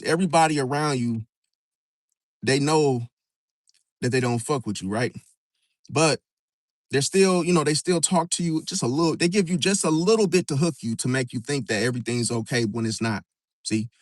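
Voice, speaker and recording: A man in a mid-range voice gives loose, motivational life advice as the host of an astrology channel. He talks casually, restarts and repeats phrases, and keeps checking in with "see?" The recording is dry, with no room echo. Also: medium pitch. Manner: conversational, repeats words, keeps asking "see?".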